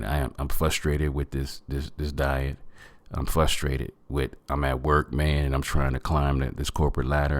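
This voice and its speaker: A man's voice: extremely low pitch, no echo. A man hosting a podcast, giving an earnest motivational talk and calling his listeners family. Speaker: podcast host.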